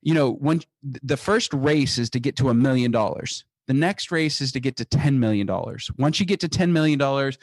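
A man being interviewed about the business he founded. He talks in an emphatic, energetic way and often restarts his sentences. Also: medium pitch, a little fast, no room sound. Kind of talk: casual interview talk.

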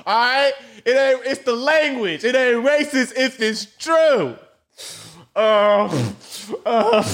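Speaking into a phone mic, a podcast host rambles through a joking, profanity-laced story in a casual monologue. His voice is extremely high and a bit bright.

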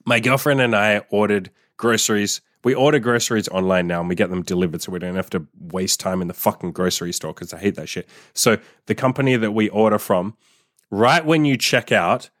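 A man's voice: on the low side, a little fast, a bit bright, no echo, clean studio sound. A man hosting a podcast, talking in a blunt, profane casual monologue and laughing often. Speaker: podcast host.

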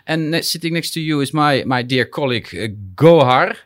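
A man with a Dutch accent hosting a podcast in an office, speaking with many pauses and fillers. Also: on the high side, fairly bright tone, dry recording, studio quality. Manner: hesitant, many fillers and restarts, laughs easily. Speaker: podcast host. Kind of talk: casual interview chat. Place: office building.

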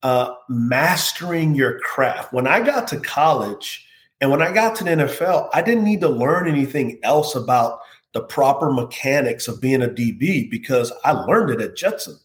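A man's voice: medium pitch, expressive, moderate pace. A man, a former pro football player, earnestly recounting a personal story as an interview guest. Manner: earnest, heartfelt, reflective. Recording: roomy echo.

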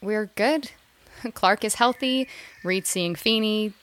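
An eager young mother, chatty and a bit nervous, with small laughs breaking through her speech. Her voice sits at an everyday middle pitch in an audio drama. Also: takes it slowly, fairly bright tone.

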